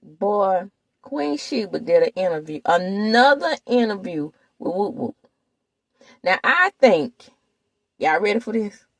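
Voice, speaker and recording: Sassy, lively woman gossip host. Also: medium pitch, slow, no echo. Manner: sassy, animated, talks straight to viewers. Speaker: gossip commentator. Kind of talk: casual reality TV recap.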